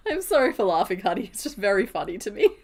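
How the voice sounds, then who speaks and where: A woman's voice: mid-range voice, big pitch swings, fast talker, a little mellow. A woman chatting casually on a crochet live stream, counting stitches half under her breath and laughing easily. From Western Australia.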